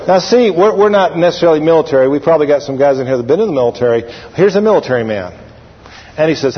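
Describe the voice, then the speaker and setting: Animated preacher, echoing hall. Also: male voice, fairly high pitch, fast talker, slightly rough. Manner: animated preaching, drawling, repeating phrases for emphasis. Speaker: pastor. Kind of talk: sermon. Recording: lo-fi recording with long hall reverb.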